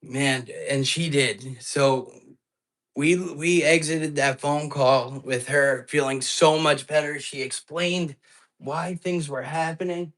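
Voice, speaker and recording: A man's voice: on the high side, fairly even intonation, takes it slowly, a bit bright. Anxious man retelling a spooky phone call. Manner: earnest and anxious, rambling with restarts. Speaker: host of a live ghost-hunting stream.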